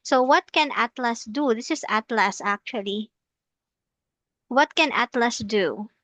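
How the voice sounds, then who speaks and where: A woman's voice: a little high, measured pace, fairly bright tone, no echo. A woman teaching an English lesson on a video call, patiently explaining and asking her student many questions, often laughing. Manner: laughs easily. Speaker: English tutor. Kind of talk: online one-on-one English lesson.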